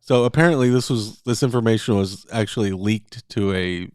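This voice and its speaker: A man's voice: fairly low pitch, normal speed, darkish tone, no room sound, studio quality. A man co-hosting a podcast in casual chat, talking with fillers and restarts and sometimes reading passages aloud. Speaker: podcast co-host.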